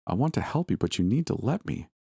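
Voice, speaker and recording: A frightened young mother pleads in a soft, careful, coaxing way, as a man reads her lines. The voice stays low and deep, recorded dry and close with no room sound. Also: sing-song, fast, vocal fry, husky, no echo, heavily acted. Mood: gently pleading.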